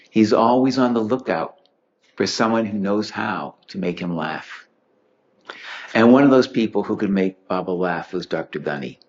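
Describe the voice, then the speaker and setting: A man giving a humorous talk, telling anecdotes with chuckles and acting out the people in them. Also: on the low side. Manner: witty, chuckling storyteller acting out quotes. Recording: dull lo-fi recording.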